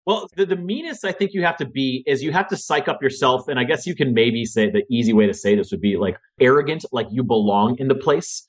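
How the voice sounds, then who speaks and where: A man talking as a guest in a casual podcast conversation, energetic, casual and profane. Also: medium pitch, brisk, hardly any pauses.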